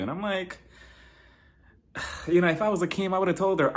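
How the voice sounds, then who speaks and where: A man with a high-pitched, steady voice speaks briskly but pauses often. He's casually recapping a reality TV episode, gossiping and acting out quotes in playful voices.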